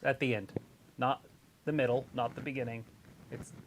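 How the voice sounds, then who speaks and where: A woman's voice: very deep voice, fairly even intonation, normal speed, a little hiss or hum. A woman co-hosting a wrestling watch-along stream in casual chat, giving opinions in an explaining manner.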